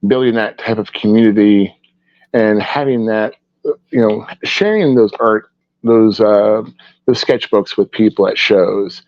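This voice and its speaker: A man's voice: on the low side, measured pace, no room sound. A man, a guest artist, chatting in an interview and telling rambling stories full of restarts. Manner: rambling, warm storytelling with restarts. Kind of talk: casual interview chat. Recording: dull, dry lo-fi sound.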